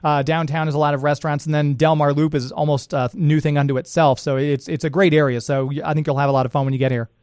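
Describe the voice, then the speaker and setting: A Scottish man hosts the interview, asking long, enthusiastic questions. His voice sits a little higher than most men's. The sound is dry and close, with no room around it. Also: flat delivery, quick pace, hardly any pauses, a little mellow, no echo. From Scotland. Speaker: radio host.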